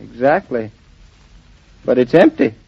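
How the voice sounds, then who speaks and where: Cheerful young husband, lively swooping voice, teasing, dull old recording. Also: male voice, medium pitch, a little slow, creaky, husky, heavily acted. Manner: breezy, teasing, chuckling. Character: cheerful young husband doting on a big dog. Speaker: husband, an architect. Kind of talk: vintage radio drama acting.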